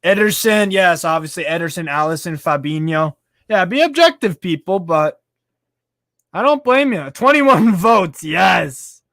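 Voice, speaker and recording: Chatty excitable man hosting a live stream. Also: high voice, a little slow, no echo, studio quality. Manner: chatty and excitable, swears casually, laughs often. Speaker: live stream host reading fan chat. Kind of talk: casual live stream chat.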